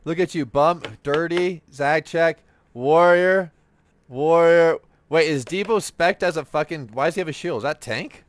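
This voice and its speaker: Profane, animated gamer guy. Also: a little high, normal speed, hardly any pauses. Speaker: streamer and podcast host. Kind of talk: casual gaming chat while playing.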